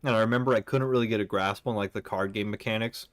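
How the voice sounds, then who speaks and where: A man's voice: on the low side, steady tone, fast, dry recording, studio quality. A young man streaming a game, chatting casually with chat and rambling with lots of fillers. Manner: rambling, filler-heavy, reads chat aloud.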